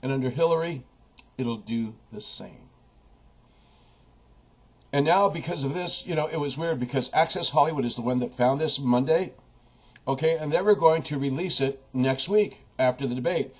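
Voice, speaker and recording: A man's voice: medium pitch, normal speed, a little mellow, breathy edge. A man delivering an impassioned political rant, preaching at his listeners and quoting scripture. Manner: preachy, quotes scripture, talks straight at the audience. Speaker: political commentator.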